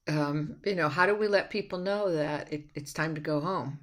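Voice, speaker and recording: A woman's voice: on the low side, normal speed, few pauses. A woman college instructor giving a recorded lecture on slides, talking conversationally with frequent restarts and fillers.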